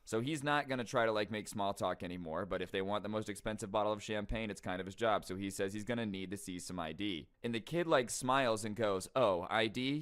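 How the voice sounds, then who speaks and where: A man's voice: on the low side, fairly bright tone, clear, resonant tone. A man casually retelling a submitted story, acting out the people in it and adding sarcastic asides. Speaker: storyteller reading submitted stories. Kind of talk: casual storytelling with quoted voices.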